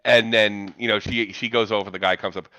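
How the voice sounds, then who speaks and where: A man's voice: lowish voice, steady tone, brisk, bright, forceful tone, no echo. A man on a podcast, stammering and eager in casual chat.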